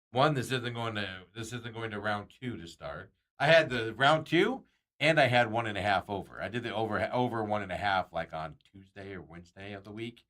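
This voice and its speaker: A man's voice: on the low side, a bit bright. A man hosting a sports radio show, chatting casually and rambling with frequent chuckles and self-corrections.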